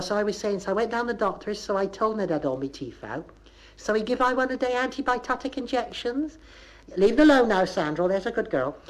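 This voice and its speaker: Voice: medium pitch, voice pushed up, close to an everyday voice. A comic performer voicing a rambling Bristol housewife and mum who keeps scolding her dog, on a 1970s comedy record.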